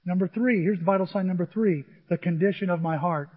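An older male pastor with a high voice delivers a sermon, animated and storytelling. His voice carries a long reverb from a large hall. The recording sounds a little dull. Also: brisk.

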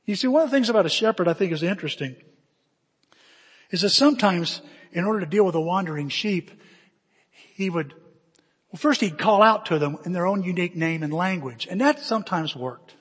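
A man preaching a sermon through animated stories, acting scenes out with sudden shouts. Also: high voice, a little fast, long pauses, husky. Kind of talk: storytelling sermon. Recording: long reverb of a large hall.

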